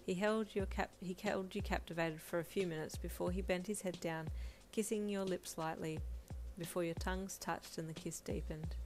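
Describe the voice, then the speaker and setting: A woman's voice: lowish voice, steady tone, moderate pace, a little mellow, soft background music. Woman reading second-person fan fiction. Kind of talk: second-person audiobook narration.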